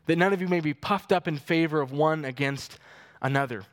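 High-voiced man preaching a sermon. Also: a little fast. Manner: expository preaching, reading scripture aloud with commentary; animated when retelling, with chuckles and fillers.

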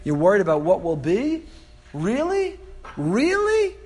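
Exasperated God, high and lifted as a man puts it on, firing incredulous questions at a faithless people. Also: sing-song, moderate pace. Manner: incredulous, emphatic rhetorical questions.

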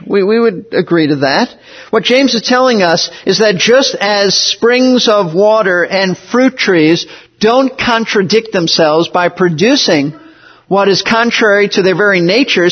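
High-voiced man preaching a sermon, lo-fi. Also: husky. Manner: earnest, emphatic preaching with repeated phrases. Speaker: pastor. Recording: dull, lo-fi sound.

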